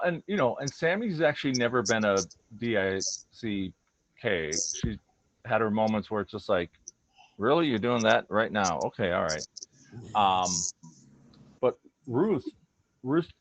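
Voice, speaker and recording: A man's voice: on the low side, expressive, moderate pace. A man telling personal stories about his dogs in a casual, earnest chat, acting out their thoughts in quoted voices. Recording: dull lo-fi recording.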